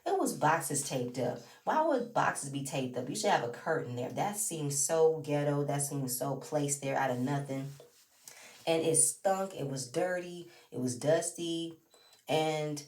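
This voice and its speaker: A woman's voice: low-pitched, normal speed, a little mellow, distant mic. A woman recapping a reality show in a chatty, opinionated way, talking straight to the viewer. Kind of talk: casual recap commentary. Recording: roomy echo, away from the mic.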